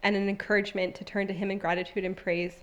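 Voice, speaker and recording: A woman in her thirties at a church service talks at a quick pace in a medium-pitched voice that barely rises or falls. She recounts a personal testimony conversationally and from the heart, using many fillers, then reads aloud from scripture.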